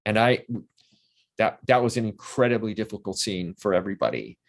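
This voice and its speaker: A man's voice: on the low side, sing-song, fairly quick, gravelly. A man in his sixties, an interview guest and actor, telling long, rambling anecdotes full of restarts.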